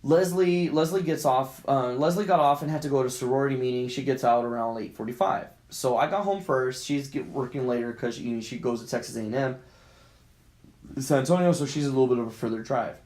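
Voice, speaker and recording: A young man co-hosting a podcast, telling a story in an animated, profane way and acting out the scenes. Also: medium pitch, fairly quick. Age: young adult. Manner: profane, acts out scenes with quoted voices and filler sounds. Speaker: podcast co-host. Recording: roomy echo.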